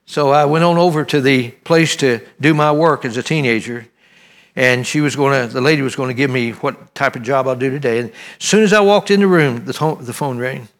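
An older man preaching a sermon, telling a personal story in a halting, folksy way, often repeating himself. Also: medium pitch, fairly bright tone. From Tennessee, United States.

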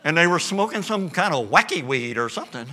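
A man preaching a sermon, telling the story with lively energy and bits of acted dialogue. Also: fairly high pitch, brisk. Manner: animated storytelling with acted voices. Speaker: pastor.

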